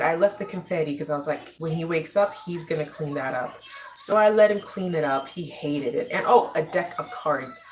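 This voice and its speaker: A woman's voice: lowish voice, slight background noise, poor audio. A young woman from Africa, chatting casually and rambling on a live stream from her home. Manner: chatty, rambling, animated storytelling.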